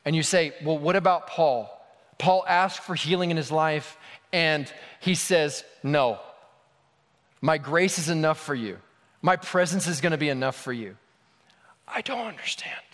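A man preaching to his congregation in a relaxed, candid way, mixing humor into the sermon. His voice sits a little higher than most men's. The sound carries the long reverb of a large sanctuary. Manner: conversational, candid, humorous storytelling. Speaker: pastor. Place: church sanctuary.

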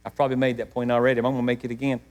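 A middle-aged man preaching a sermon to his church, emotional, swinging between loud emphatic peaks and hushed moments. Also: medium pitch, little pitch movement, rapid-fire. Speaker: pastor.

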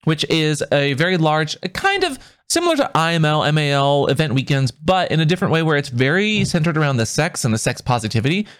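A man with a fairly high, very animated voice chats on a podcast. He teases his co-host and laughs often as the talk bounces around. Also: a little fast, hardly any pauses, clean tone. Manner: playful, teasing, laughs often. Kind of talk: casual podcast banter.

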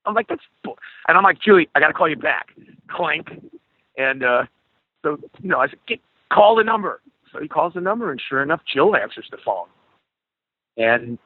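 Animated man telling a story over a tinny line. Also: mid-range voice, husky, no echo. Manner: animated storyteller, acts out quoted dialogue. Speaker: guest musician. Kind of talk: storytelling in a podcast interview. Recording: tinny phone-like call audio.

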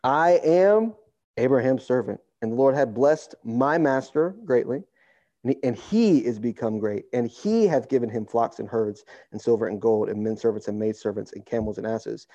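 A man's voice: medium pitch, moderate pace, no echo, dull audio. Laid-back man preaching a casual sermon. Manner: relaxed and conversational, acts out quotes in slang. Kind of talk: casual sermon with scripture reading.

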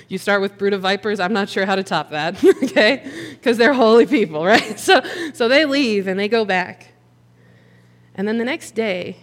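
A woman preaching a sermon in an animated, joking, conversational way. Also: medium pitch. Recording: long hall reverb.

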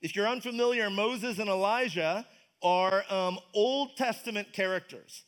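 Pastor, male, high-pitched; loose conversational preaching, keeps asking the room questions. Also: fairly bright tone. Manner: casual, enthusiastic, asks the congregation questions. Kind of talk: conversational sermon. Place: church service.

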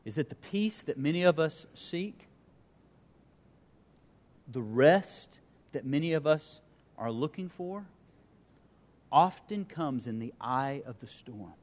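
Fairly high-voiced male preacher in a reverberant hall. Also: lively intonation. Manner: reads scripture aloud, pauses for emphasis, dramatic dips and swells. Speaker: pastor. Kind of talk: sermon.

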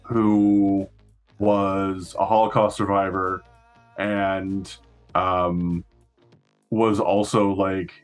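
A man's voice: low-pitched, little pitch movement, drawn-out words, long pauses, faint music behind. A man chatting casually on a podcast, rambling through a story with frequent laughs and swearing. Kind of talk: casual chat.

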